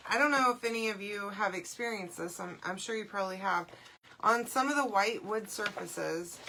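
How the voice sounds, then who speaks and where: A woman, hosting a live crafting demo and chatting along as she works, often checking in with a quick "okay?". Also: mid-range voice, pushed and bright, a little hiss or hum. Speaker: craft livestream host.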